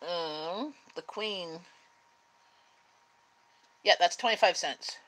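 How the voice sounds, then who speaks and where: Low-voiced easygoing woman host. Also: extremely slow, rough recording. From Canada. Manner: easygoing, gently giving directions. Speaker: host of a livestream chat. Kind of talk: casual chat.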